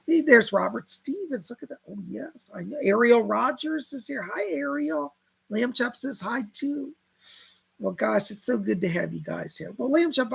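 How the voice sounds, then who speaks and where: A man's voice: extremely high pitch, creaky, husky, poor audio. A middle-aged man hosting a live psychic stream, who talks in a gushing, chatty way full of exclamations. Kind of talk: casual live-stream chat.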